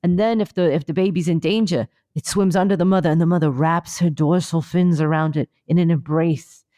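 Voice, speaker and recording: A woman's voice: on the low side, fairly even intonation, fairly quick, warm tone. A woman co-hosting a comedy podcast remotely, rambling through a mock-earnest mindfulness bit with many fillers. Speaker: podcast co-host. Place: remote, on vacation.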